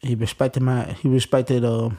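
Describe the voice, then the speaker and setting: Blunt, halting man from Chicago. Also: mid-range voice, flat delivery, dark tone. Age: adult. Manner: halting, restarts, blunt street talk with profanity. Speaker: interview guest. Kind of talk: personal storytelling in an interview.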